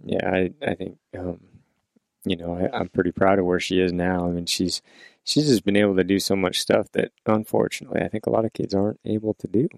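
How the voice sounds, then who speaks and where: A man in his thirties, co-hosting a podcast, chiming in with relaxed, halting remarks in casual chat. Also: low-pitched, gravelly, no room sound. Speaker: podcast co-host, father.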